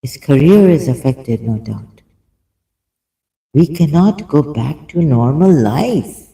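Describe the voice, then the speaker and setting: Man, gravelly, very slow, hesitant reading with commentary, many fillers. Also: on the high side, animated, warm tone, rough recording. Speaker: video commentator. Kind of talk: halting reading aloud with commentary.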